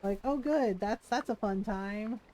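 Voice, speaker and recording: Woman gaming streamer rambling stories, warm mellow tone, laughs a lot. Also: medium pitch, a little slow, slight background noise, poor audio. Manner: chatty storytelling, acts out quotes with laughs. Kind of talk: casual chat while gaming.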